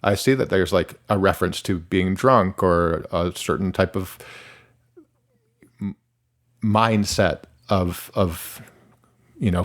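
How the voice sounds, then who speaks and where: Low-voiced rambling man, candid. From Michigan, USA. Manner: rambling, self-interrupting, many "like"s. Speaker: musician guest. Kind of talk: candid conversational interview.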